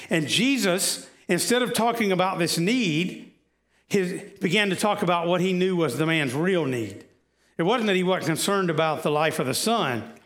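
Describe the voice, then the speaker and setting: A man's voice: on the high side, fairly bright tone. A man preaching a conversational sermon, often asking the congregation questions, with frequent "uh"s and restarts.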